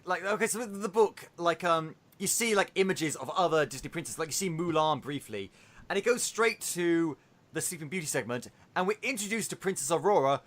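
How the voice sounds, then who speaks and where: Podcast guy, higher voice, super lively up and down, ranting about a movie. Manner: animated, swearing, exaggerated retelling. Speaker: podcast host. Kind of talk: casual podcast review.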